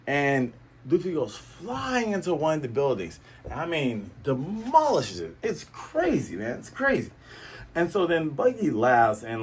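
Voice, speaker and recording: Man, casual comic recapper, husky, swoops around with sound effects. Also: medium pitch, unhurried. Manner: animated, full of sound effects. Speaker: manga reviewer.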